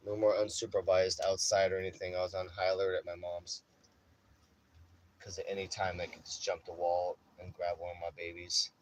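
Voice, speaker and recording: A man's voice: deep voice, completely flat delivery, moderate pace, a little hiss or hum, poor audio. A young man casually telling a rambling story full of swearing, often saying bro. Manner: profane, rambling, says bro a lot. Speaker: vlogger.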